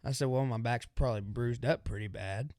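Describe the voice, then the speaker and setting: A man's voice: mid-range voice, a little fast, dry recording, studio quality. A young man co-hosting a podcast, telling a story in casual chat and acting out the voices of the people in it. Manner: animated storyteller acting out quotes. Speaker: podcast co-host.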